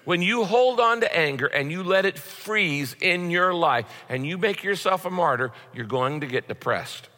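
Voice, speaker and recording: Bright-voiced male preacher in a hall. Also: sits high, expressive, moderate pace, few pauses. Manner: conversational preaching with repetitions. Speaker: pastor. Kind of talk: sermon. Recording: long hall reverb.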